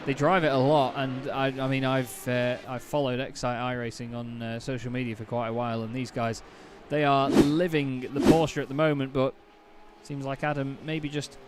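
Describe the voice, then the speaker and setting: A man doing play-by-play commentary on a sim race, chatty and quick to correct himself, getting excited at incidents. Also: mid-range voice, background noise.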